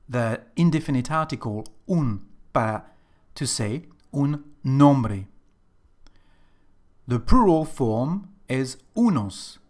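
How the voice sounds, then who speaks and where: Slow, patient male language teacher. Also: mid-range voice, darkish tone. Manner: slow, patient, repeats examples. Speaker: Spanish teacher. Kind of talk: explanatory lesson.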